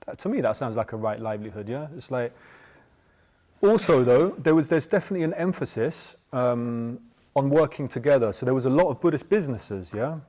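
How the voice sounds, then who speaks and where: Guy giving a loose buddhist talk to a group, mid-pitched, keeps going "yeah?" and circling back. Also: lively intonation, fairly quick, dark tone. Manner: chatty, tags points with "yeah?"; loose and rambling, with many restarts. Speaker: Buddhist teacher. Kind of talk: informal dharma talk.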